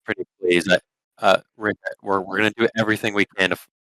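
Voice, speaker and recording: A man's voice: fairly low pitch, fairly even intonation, fast talker, sharp tone, no echo, low-quality recording. A man playing a polite doctor character in a tabletop game, stammering and hesitant. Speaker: player. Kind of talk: in-character tabletop role-play.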